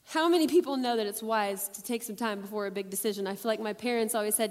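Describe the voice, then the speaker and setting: Woman preacher, youth sermon, conversational, high-pitched, reverberant hall. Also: fairly quick, few pauses. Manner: lively, conversational, asks the audience questions.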